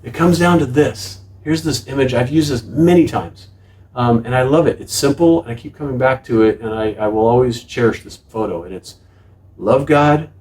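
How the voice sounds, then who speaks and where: A man's voice: mid-range voice, brisk, darkish tone. A middle-aged male pastor delivers a sermon in a church with earnest, emphatic urging and frequent small restarts. His voice sits in a middle register. The mic picks him up from some distance. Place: church sanctuary.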